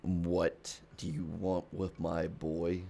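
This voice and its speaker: A stern, protective fire warrior voiced by the game master in a tabletop game. His voice is deep and slow, and he speaks in curt, guarded lines. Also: little pitch movement, gravelly, mellow, slight background noise, exaggerated voice. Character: stern protective fire-wielding father figure.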